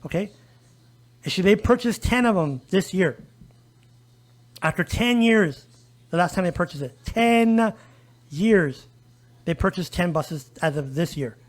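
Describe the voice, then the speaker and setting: Male podcast guest, high voice, emphatic advocate, keeps checking in with the audience. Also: animated, a little slow, long pauses. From El Paso area, US. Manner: emphatic, repeatedly addressing listeners with "folks" and "okay?". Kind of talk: conversational podcast interview.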